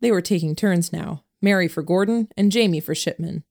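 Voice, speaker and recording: A woman reading a novel aloud as narrator in a steady first-person storytelling voice. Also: lowish voice, fairly quick, creaky, dry recording, studio quality. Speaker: audiobook narrator. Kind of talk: scripted narration.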